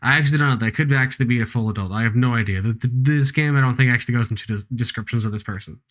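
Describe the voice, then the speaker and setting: A man's voice: medium pitch, very fast, few pauses, fairly bright tone. A young man streaming a video game, chatting casually, giggling and teasing himself. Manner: chatty, giggly, self-mocking. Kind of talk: casual gameplay commentary.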